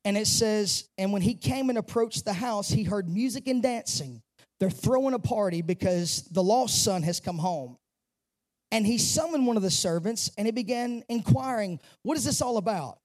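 A man's voice: high-pitched, lively intonation, normal speed, darkish tone. A male pastor giving a sermon in a church, pushing his voice up on key phrases and dropping into chatty asides. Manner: preaches with rising emphasis and casual asides. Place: church sanctuary.

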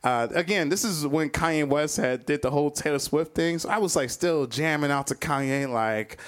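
A man telling a personal story live, animated, chuckling between lines and acting out other people's voices. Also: a little high, moderate pace, clean tone. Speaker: storyteller, comedian.

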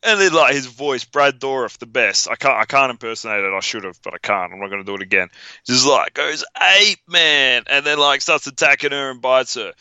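A man co-hosting a podcast in casual, animated chat, teasing and retelling scenes. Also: fairly quick, clear, resonant tone, no room sound, highs cut off. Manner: animated, teasing, jumps into high voices. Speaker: podcast co-host.

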